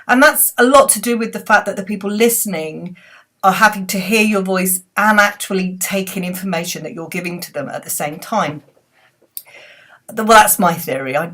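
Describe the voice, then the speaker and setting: Woman coach chatting into her webcam mic, friendly, loose, mid pitch. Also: fairly bright tone. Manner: chatty, friendly, with small restarts. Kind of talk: casual talk to camera giving advice. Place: indoors at her computer. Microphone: computer webcam mic.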